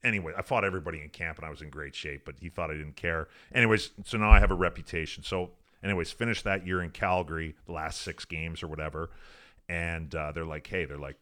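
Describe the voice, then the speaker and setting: A man's voice: sits low, fast talker, a bit bright. A man, a former pro hockey player from Alberta, telling a long, profane, rambling story in a casual interview, full of "like" and "I'm like.". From Alberta, Canada.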